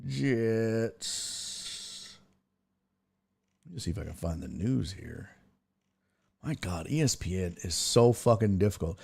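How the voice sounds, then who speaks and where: A man's voice: on the low side, lively intonation, slow, vocal fry, pauses often, darkish tone, breathy edge. A man hosting a sports talk show, chatting casually and thinking aloud as he reacts to the news.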